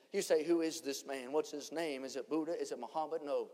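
A man preaching a revival sermon, swinging between shouted lines and hushed ones. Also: on the high side, fairly quick. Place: church conference hall. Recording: long church hall reverb.

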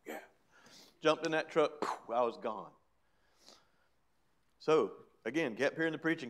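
A man's voice: fairly high pitch, expressive, takes it slowly, pauses often. A middle-aged man preaching, telling his own story in a chatty way with laughs. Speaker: preacher giving testimony. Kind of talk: sermon testimony.

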